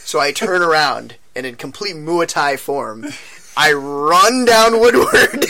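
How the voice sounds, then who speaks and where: A man's voice: on the high side, slow pace. A young man telling a wild night-out story to friends, laughing often and acting out what people said. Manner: animated storyteller, swears, laughs often, acts out quotes. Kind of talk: casual storytelling among friends.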